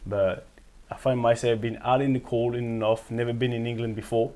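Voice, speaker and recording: A man's voice: mid-range voice, fairly quick. A man from France, speaking English with a French accent, telling his story as an interview guest and acting out the people in it. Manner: animated, acts out quoted voices, laughs often. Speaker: guest, former footballer.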